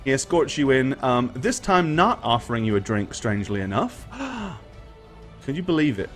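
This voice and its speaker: A man acting as game master, narrating a tabletop game in a relaxed way with many fillers. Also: medium pitch, normal speed, faint music behind.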